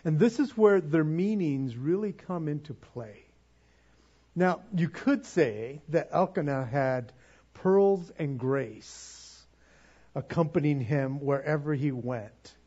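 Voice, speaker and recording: A man's voice: a little high, unhurried, a little mellow, breathy edge, dull audio. A man preaching a sermon in a conversational way, with acted-out asides.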